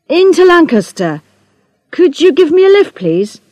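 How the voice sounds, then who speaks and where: A woman's voice: very high voice, sing-song, measured pace, a little mellow, no echo, soft background music, pitched above the performer's own voice, exaggerated voice. A woman voicing a polite, old-fashioned male hitchhiker of about forty, speaking formally and courteously.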